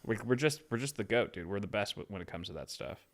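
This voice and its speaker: A man's voice: on the low side, expressive, fast talker. A young man from California co-hosting a podcast in a laid-back, slangy way. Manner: laid-back, slangy, says dude a lot. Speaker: podcast co-host. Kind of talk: casual chat.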